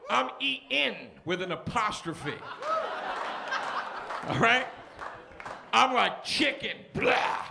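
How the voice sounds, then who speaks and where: A man performing a stand-up comedy set in a club, telling a story with shouted punchlines and acted-out characters, with the audience laughing. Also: high voice, sing-song, slow pace, vocal fry, pauses often. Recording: live club recording with crowd noise.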